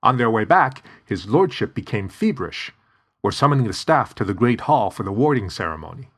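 A man's voice: sing-song, fairly quick, slightly rough, heavily acted. A man voicing a stout, panicky older male reading master who talks in breathless, urgent bursts. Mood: alarmed. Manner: breathless, urgent, high-pitched.

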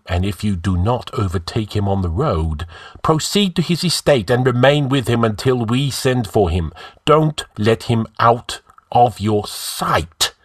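A man's voice: lowish voice, slightly rough, no room sound, studio quality, pitched above the performer's own voice. A man voicing an arrogant, scheming male outlaw who gives orders in a commanding, scornful way.

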